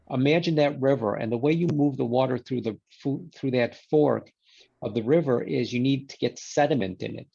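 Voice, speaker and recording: A man's voice: medium pitch, brisk, creaky, breathy edge, muffled recording. A man, a guest in a conversation, telling a story and acting out the quoted exchanges. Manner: animated storyteller who voices quoted exchanges.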